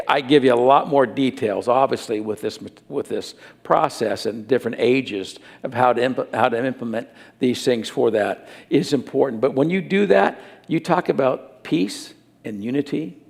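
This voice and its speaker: A man delivers a sermon with a gravelly, creaky voice at a mid pitch. He speaks earnestly, repeating key points and sinking into soft tones. The sound carries the long reverb of a church hall. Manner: earnest, repetitive emphasis, drops to soft tones. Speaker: pastor.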